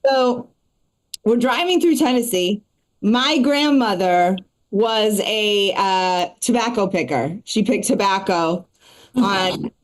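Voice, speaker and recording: A woman with a fairly high voice does a stand-up comedy set while hosting a live show. She talks fast and chattily, packing in plenty of asides.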